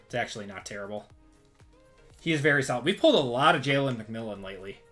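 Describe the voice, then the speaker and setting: Male stream host, bright voice, upbeat list reading, faint music behind. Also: mid-range voice, lively intonation, quick pace. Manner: upbeat, rattles off lists. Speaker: card break host. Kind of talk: live-stream card break recap.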